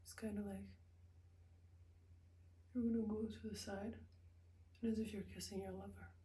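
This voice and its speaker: A young woman talking candidly to the camera in a rambling vlog, often dropping into soft whispers. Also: medium pitch, little pitch movement, normal speed, rough recording. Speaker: vlogger. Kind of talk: casual confessional vlog.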